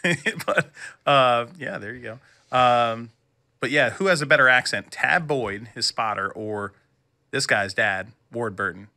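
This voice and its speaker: Bright-voiced jokey podcast co-host man. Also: mid-range voice, measured pace. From northern US. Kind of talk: casual podcast chat.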